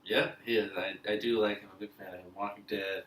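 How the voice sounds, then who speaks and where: A man's voice: on the low side, steady tone, fast talker, a bit bright. A man co-hosting a casual movie chat, giving blunt opinions with joking asides. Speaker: podcast co-host. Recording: echoey room, mic at a distance.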